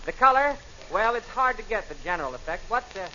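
A man hosting a 1940s radio comedy show in a high, bright announcer voice. He keeps the banter brisk and laughs often. The sound is dull and lo-fi, like an old radio broadcast. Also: animated, slight background noise.

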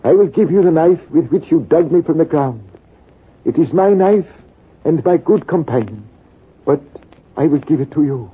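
A man's voice: a little high, lively intonation, moderate pace, pauses often, husky, pitched above the performer's own voice. A man voicing a wounded old stranger who speaks solemnly and calls the hero his son, in 1940s radio acting. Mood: pleading. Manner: solemn, fatherly pleading. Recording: tinny, lo-fi old radio broadcast.

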